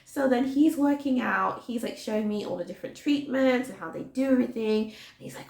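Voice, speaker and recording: A woman in her twenties telling a personal story in a chatty, animated way, full of "like". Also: fairly high pitch, brisk, vocal fry, hardly any pauses. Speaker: vlogger. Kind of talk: storytime vlog. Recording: roomy echo.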